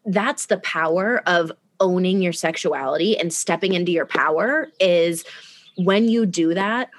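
Woman, storyteller in casual chat; animated, acts out quotes. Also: on the low side. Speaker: guest telling a personal story.

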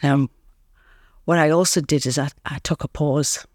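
A woman guest in an interview, telling her recovery story in an earnest, reflective way with pauses. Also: deep voice, steady tone, darkish tone, dry recording, clean studio sound. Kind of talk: candid interview talk.

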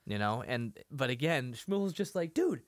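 Podcast co-host, male, animated storyteller with a swooping delivery and a dry close sound. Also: mid-range voice, unhurried, no echo. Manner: animated retelling, acting out scenes, laughs often. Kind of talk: casual discussion of a TV episode.

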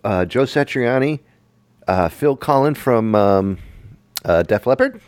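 A man's voice: medium pitch, lively intonation, unhurried, darkish tone, no room sound. A middle-aged man co-hosting a casual chat, easygoing and rambling with fillers. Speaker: podcast co-host.

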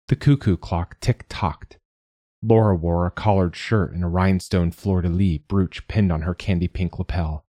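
A man narrating a novel in a measured, unhurried storytelling manner. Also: low voice, mellow, dry recording. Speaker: audiobook narrator. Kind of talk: scripted narration.

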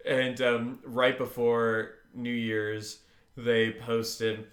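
A man's voice: medium pitch, flat delivery, very slow, fairly bright tone, reverberant. A man co-hosting a podcast, recapping a TV episode in casual chat, rambling with many fillers and dry jokes. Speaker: podcast co-host.

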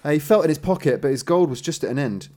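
A man reads an old fairy tale aloud in a relaxed, joking way. His pitch swings widely as he plays with character voices and breaks into laughter. The tone stays casual and friendly. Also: quick pace. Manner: lively, playful, putting on voices for the characters and laughing often.

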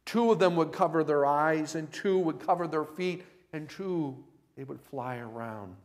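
A man preaching a sermon at a camp meeting, telling a story slowly and rising to impassioned, loud cries. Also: on the high side. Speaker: pastor.

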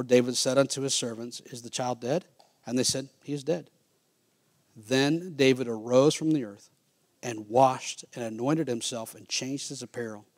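A male pastor preaching a sermon and reading scripture aloud. He swings from loud, high-pitched emphasis down to quiet, low asides. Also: no room sound, clean studio sound. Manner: reads scripture in King James wording.

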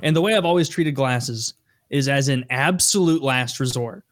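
A man's voice: medium pitch, moderate pace. A man co-hosting a casual podcast chat, joking and rambling through stories. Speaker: podcast co-host.

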